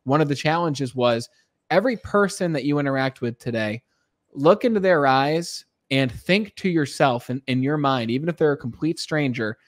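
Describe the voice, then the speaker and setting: A man's voice: medium pitch, expressive, normal speed, no echo. Earnest male host with a dry sound. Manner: earnest, stumbles and repeats words. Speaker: podcast host. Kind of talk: casual interview chat.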